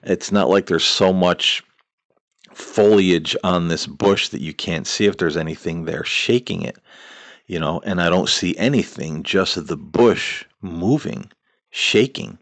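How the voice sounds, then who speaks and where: A middle-aged man with a low-pitched, fairly bright voice speaks unhurriedly in a dry recording. Hosting a podcast, he tells a personal ghost story in a rambling way, full of fillers and restarts.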